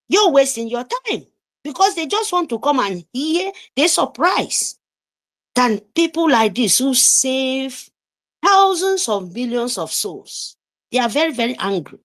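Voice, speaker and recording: A woman's voice: high-pitched, a bit bright. A woman gives an impassioned political speech, scolding listeners with repeated pointed questions. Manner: heated, scolding, repetitive questions. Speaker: participant in an online audio room.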